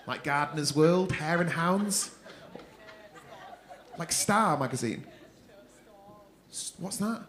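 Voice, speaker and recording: A man with a slightly high, fairly bright voice does cheeky, swearing crowd work on a comedy club stage. He teases audience members as the crowd laughs.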